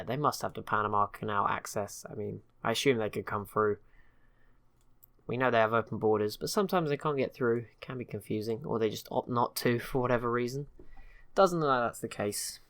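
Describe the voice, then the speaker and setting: Rambling, self-mocking game commentator. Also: male voice, mid-range voice, a bit bright. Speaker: gaming channel host.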